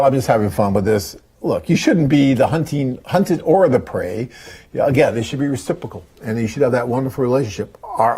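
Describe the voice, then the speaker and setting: A man's voice: medium pitch, a little mellow, slightly rough. A man, hosting a live webcast in an enthusiastic, rambling, chatty way. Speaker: host and company head. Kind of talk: casual live webcast talk.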